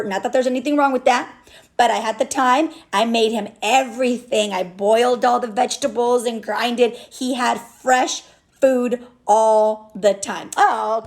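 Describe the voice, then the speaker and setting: A woman's voice: a little high, steady tone, measured pace. A woman in her thirties, a business owner and mother, talking candidly and a bit rambling in a personal vlog, with lots of restarts. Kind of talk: emotional personal vlog talk.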